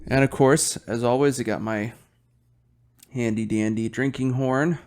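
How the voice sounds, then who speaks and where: A young man hosts his own podcast alone, rambling loosely over a beer. He swears freely and yawns as he talks. His voice sits at an ordinary middle pitch. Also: steady tone, unhurried, a little mellow. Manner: rambling, swears often, yawning. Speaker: podcast host. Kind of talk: casual solo chat while drinking beer.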